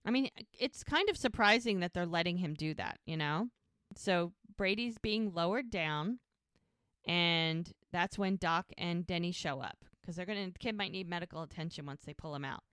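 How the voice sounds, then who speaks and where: A woman's voice: lowish voice, normal speed, fairly bright tone, clean tone, no echo, studio quality. A woman co-hosting a podcast, casually retelling a TV episode scene by scene, quoting the characters as she goes. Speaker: podcast co-host.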